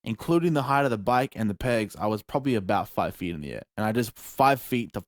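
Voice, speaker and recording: A man's voice: lowish voice, quick pace, dry recording, studio quality. Swearing young man telling a story. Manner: animated, swears freely, laughs and shouts mid-story. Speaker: podcast co-host. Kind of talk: casual storytelling chat.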